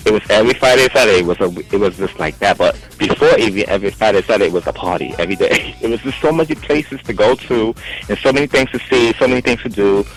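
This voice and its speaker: A man telling a story in casual talk, animated, acting out the voices of the people in it. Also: lowish voice, quick pace, music in the background, rough recording. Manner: animated, acts out quoted voices. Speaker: storyteller guest.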